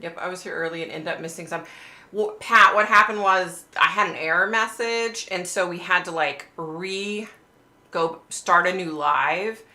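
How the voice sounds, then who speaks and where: A woman's voice: lowish voice, moderate pace, pushed and bright, reverberant. A middle-aged woman hosting a casual livestream, rambling chattily to her viewers, swearing freely and saying "like" often. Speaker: psychic livestream host.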